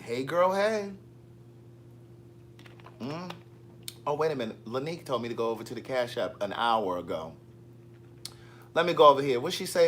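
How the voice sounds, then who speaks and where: A man from Maryland hosts a casual livestream, chatting and teasing as he reads out viewer comments. His voice is on the high side and a bit bright, with a little hiss or hum in the audio.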